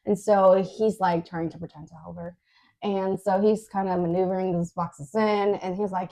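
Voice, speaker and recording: Gravelly low-voiced woman telling a story. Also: steady tone, moderate pace, warm tone. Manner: recounts a dream in a chatty way, full of "like" and fillers. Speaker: podcast co-host. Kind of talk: casual storytelling.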